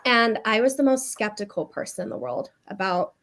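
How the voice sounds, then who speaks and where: A woman's voice: mid-range voice, expressive, moderate pace, fairly bright tone. A woman in her thirties, a guest on a video call, telling a personal story in a chatty, loose way with many fillers and restarts.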